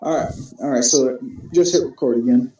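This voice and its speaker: A man's voice: mid-range voice, normal speed, mellow, reverberant, poor audio. A man hosting a casual chat, recapping a wrestling show, rambling, restarting his sentences and swearing often.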